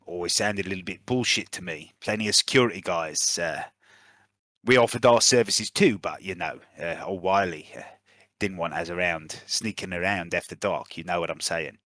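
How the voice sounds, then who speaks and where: A man's voice: sits low, moderate pace, a bit bright, no echo, clean studio sound, pitched below the performer's own voice. Fields: a man doing a wary mercenary with a put-on South African accent. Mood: guarded. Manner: hesitant, filler-heavy drawl. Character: gruff male mercenary, guarded and laconic.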